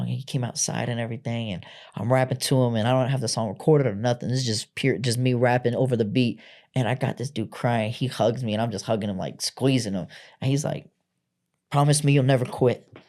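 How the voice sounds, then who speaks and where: A man's voice: medium pitch, a little mellow. A man on a podcast as a guest, telling his own story candidly in blunt, profane everyday speech. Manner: blunt and profane, acts out quoted voices.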